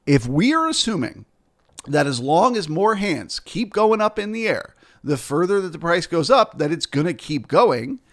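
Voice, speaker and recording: A man's voice: on the high side, fairly bright tone. A man teaching as a futures trader, explaining the market through rhetorical questions and frequent "right?" and "okay?" check-ins. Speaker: futures trader and trading educator.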